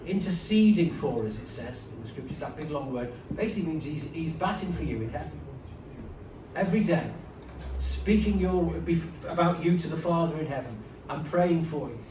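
A man's voice: a little high, animated, normal speed, recorded from a distance, background noise. A man preaching a sermon, conversational and emphatic, with frequent asides. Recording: roomy, from off-mic, faint ambience.

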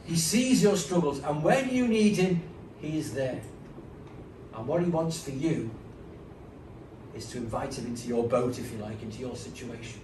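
A man's voice: medium pitch, lively intonation, moderate pace, pauses often, far from the mic, noisy background. Man preaching conversationally in a roomy hall. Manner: conversational, emphatic, with frequent asides. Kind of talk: sermon. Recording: roomy, from off-mic, faint ambience.

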